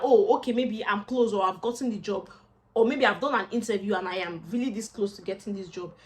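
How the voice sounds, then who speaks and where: A young Nigerian-accented woman with a slightly high voice chats casually to camera. She vlogs as a job seeker, speaking expressively with Pidgin asides.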